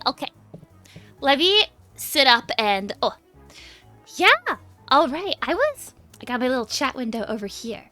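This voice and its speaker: Bright, high-pitched bubbly streamer woman. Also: big pitch swings, a little slow, pauses often, soft background music. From United States. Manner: bubbly, giggly, greets chat by name. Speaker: VTuber streamer. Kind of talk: casual stream chat.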